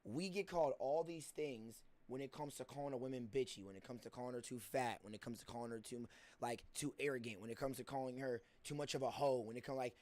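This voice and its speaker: A young man hosting a casual chat show, loud and profane, cutting in often. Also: mid-range voice, quick pace. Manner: loud, profane, interrupts, laughs. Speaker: podcast host.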